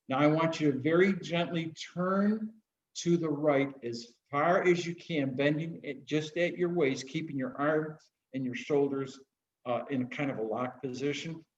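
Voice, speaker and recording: A man's voice: on the high side, highs cut off, slight background noise. A man, a minister, teaching a class in a conversational way and guiding the group with questions and instructions.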